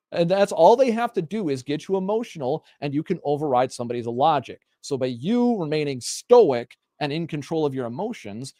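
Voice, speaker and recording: A man hosting a casual panel talk show, speaking emphatically and building up to forceful rhetorical questions. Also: on the high side, no room sound, studio quality. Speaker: podcast host.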